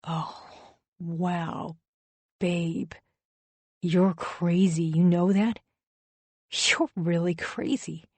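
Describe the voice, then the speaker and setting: A woman voicing an angry, self-pitying husband who shouts defensively in an audiobook. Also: lowish voice, steady tone, extremely slow, long pauses, no room sound. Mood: mocking.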